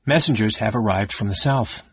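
A man voicing a cold, secretive male mage who speaks softly and without expression, in an audiobook reading. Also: on the low side, normal speed, breathy edge, no echo, distant mic. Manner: soft, expressionless, hissing. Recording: dull lo-fi audiobook recording.

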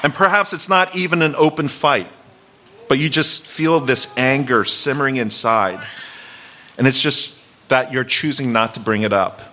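A man's voice: mid-range voice, moderate pace, sharp tone, a little hiss or hum. A man in his forties, a guest pastor, preaching in a church in a conversational, reflective way with light self-deprecating humor. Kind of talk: sermon with personal story. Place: church sanctuary.

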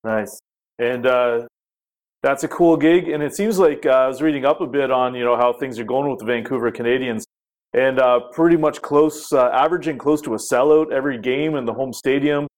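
A man hosting a podcast interview, asking questions in a relaxed, conversational way with plenty of fillers. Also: medium pitch, brisk. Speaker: podcast host.

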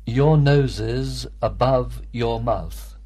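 A man student answering a teacher's drill questions in measured full sentences. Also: mid-range voice, dark tone, breathy edge.

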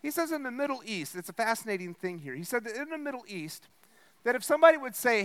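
A man's voice: very high-pitched, big pitch swings, fast talker, a bit bright. A male pastor preaching a sermon, explaining step by step, checking in with "okay?" and "right?", and acting out the host's lines with a raised voice. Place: church.

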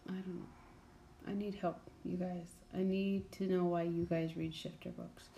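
A young woman talks through a book in a loose, chatty way, blunt and peppered with "like" and "um". Her voice is mellow and a touch low for a woman. A faint hiss of noise sits under her recording. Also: flat delivery, a little slow, vocal fry, muffled recording. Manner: chatty, blunt, many fillers and "like"s. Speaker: book podcast host. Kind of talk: casual book review chat.

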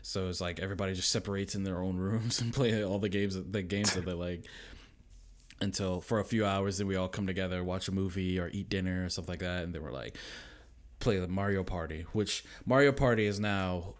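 A man in his thirties, a guest on a casual podcast, who rambles through animated stories full of restarts and acts out what others said. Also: low voice, a little fast. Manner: rambling, with many restarts and fillers. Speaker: podcast guest, content creator.

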